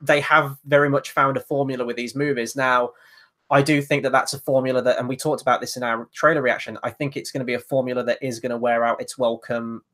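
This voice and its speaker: A man's voice: mid-range voice, little pitch movement, quick pace, sharp tone. A man hosting a casual film review, conversational and wry.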